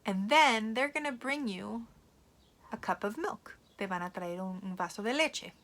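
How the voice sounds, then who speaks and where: A woman teaching young children, switching between English and Spanish in an animated, playful way. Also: mid-range voice, moderate pace. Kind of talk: bilingual read-aloud lesson for children.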